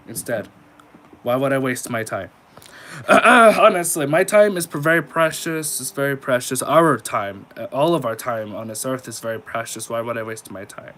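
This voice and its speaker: A man's voice: mid-range voice, fairly bright tone. A nineteen-year-old man talks casually on a live stream, reading viewer questions and answering them. His delivery is laid-back and chatty, in a mid-range voice.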